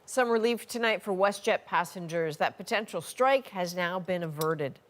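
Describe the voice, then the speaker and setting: A female news anchor reads headlines in a crisp, composed manner. Her voice sits on the lower side for a woman. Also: moderate pace, a little hiss or hum. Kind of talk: scripted news reading.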